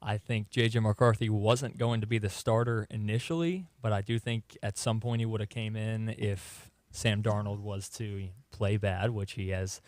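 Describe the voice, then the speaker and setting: A young man co-hosting a sports talk radio show, giving relaxed, matter-of-fact opinions. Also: on the low side, moderate pace, hardly any pauses, no room sound.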